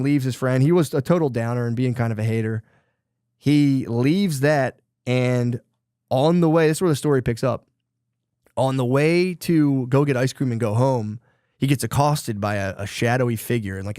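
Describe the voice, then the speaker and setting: A man's voice: mid-range voice, a little mellow, no echo, studio quality. A man co-hosting a podcast, casually retelling a book's plot in a rambling, profane way full of fillers and quoted lines. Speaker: podcast co-host.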